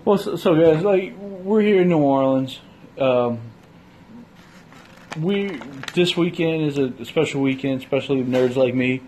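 A man hosting a casual podcast chat, swearing freely and retelling things with animated voices. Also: a little high, a little slow, a little hiss or hum, low-quality recording. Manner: profane, animated storyteller. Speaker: podcast host.

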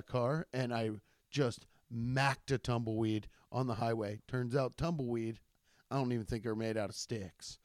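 A young man hosting his own podcast, telling rambling, profane stories with jumpy, animated energy. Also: mid-range voice, dry recording, clean studio sound. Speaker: podcast host. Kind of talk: casual solo podcast monologue.

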